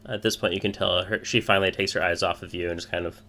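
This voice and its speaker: A man's voice: low-pitched, steady tone, fast, bright, forceful tone. A man narrating a tabletop game as game master, hesitant and full of filler words.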